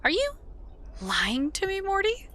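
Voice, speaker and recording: Grim suspicious wanderer guy, a woman reading him, high bright voice, blunt. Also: wildly swooping pitch, measured pace, slight background noise, full character voice. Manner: blunt, probing, distrustful. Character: stern scarred male wanderer who lost his memory, suspicious.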